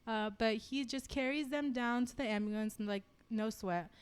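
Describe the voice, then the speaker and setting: A woman co-hosting a podcast, reading fan fiction aloud and chatting in an animated, giggly way. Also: fairly high pitch, normal speed, clear, resonant tone. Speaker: podcast co-host.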